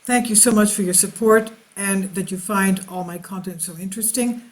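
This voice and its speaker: A woman's voice: mid-range voice, normal speed. Woman reading news with chatty asides. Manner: reads a news article aloud, then breaks off into animated asides; hesitant, with frequent uh and restarts in her own remarks. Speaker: online news commentator. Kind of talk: reading translated news with personal commentary.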